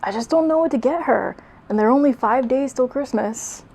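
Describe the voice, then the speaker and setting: A woman's voice: high-pitched, brisk, a little mellow, slightly rough. Woman reading as a cocky young hedgehog hero. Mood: laid-back. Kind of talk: reading her old fanfic aloud.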